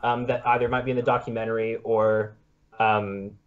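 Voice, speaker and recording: A man's voice: lowish voice, level tone, moderate pace. Hesitant young-sounding man, muffled line. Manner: hesitant, many filler words. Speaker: student interviewer. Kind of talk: interview questions.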